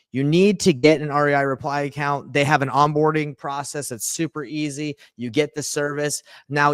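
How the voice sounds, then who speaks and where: An upbeat man hosting a casual tutorial, chatty and quick, speaking straight to his viewers. His voice sits at a middling pitch. The recording is dry, with no room echo. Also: clear, resonant tone. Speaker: real estate wholesaler teaching viewers.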